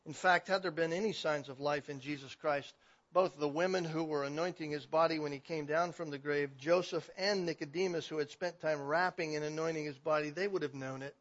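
A man preaching a sermon in an animated way, swinging between loud emphasis and quiet passages. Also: on the high side, a little fast. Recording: dull lo-fi recording.

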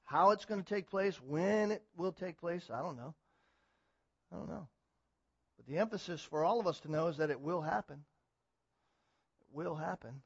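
Male pastor, higher-pitched voice, emphatic sermon delivery that builds from calm to forceful, dry slightly dull recording. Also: moderate pace, vocal fry, husky, no room sound. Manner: swings from quiet teaching to loud emphatic exhortation; repetitive, emphatic preaching.

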